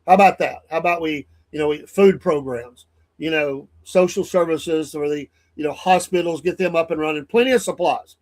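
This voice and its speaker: A man's voice: fairly high pitch, normal speed, a little mellow. A man hosting a morning show, giving blunt, heated solo commentary that rambles and restarts often. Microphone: studio mic.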